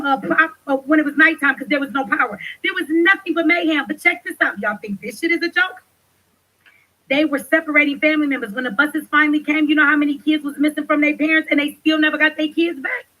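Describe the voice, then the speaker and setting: A woman hosting a livestream, talking loudly and passionately with lots of swearing as she rants and reads chat. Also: sits high, rough recording. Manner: loud, passionate, profane ranting. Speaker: livestream host. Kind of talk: livestream commentary.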